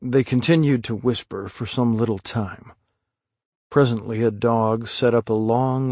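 A man reading a story aloud as narrator, slow and measured. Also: mid-range voice, a little mellow, no room sound, clean studio sound. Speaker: audiobook narrator. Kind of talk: scripted narration.

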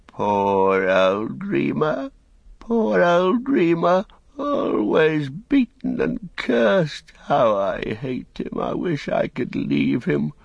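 A man voicing a wretched, cowering servant who wails in a high, whimpering voice, in an audiobook reading. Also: wildly swooping pitch, extremely slow, vocal fry, husky, dry recording, muffled recording, exaggerated voice. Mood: whining.

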